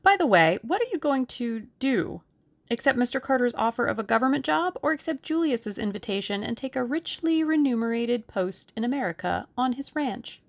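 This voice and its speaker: A woman's voice: fairly high pitch, expressive, normal speed, vocal fry, voice pushed up. A woman voicing a playful young Englishwoman in an audiobook, with a lilting, coy delivery. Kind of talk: audiobook character reading.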